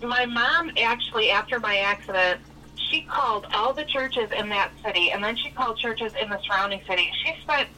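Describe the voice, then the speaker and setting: A woman's voice: a little high, brisk, sharp tone. A woman calling in and telling a story in a chatty, casual way, often acting out what was said. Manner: chatty, retells dialogue with "I was like". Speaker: caller. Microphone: telephone. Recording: phone line, distant and lightly noisy.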